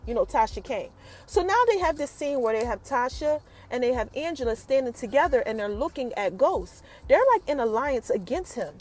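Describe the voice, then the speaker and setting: A woman's voice: high-pitched, expressive, normal speed, a little mellow. A woman hosting a podcast, recapping a TV episode in a chatty, hyped way. She talks straight to her listeners and acts out the characters' lines as she retells the scenes. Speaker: podcast host.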